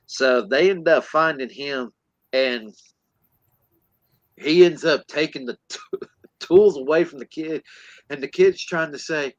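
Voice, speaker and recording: Slow, easygoing podcast man. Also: fairly high pitch, no room sound, dull audio. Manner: acts out characters in silly voices while retelling. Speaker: podcast co-host. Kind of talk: casual plot recap.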